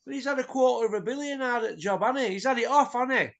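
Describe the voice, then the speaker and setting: Racing along in a very high, fairly bright voice, a middle-aged boxing show host delivers an opinionated, blunt rant. He swears freely and keeps dropping in tag questions.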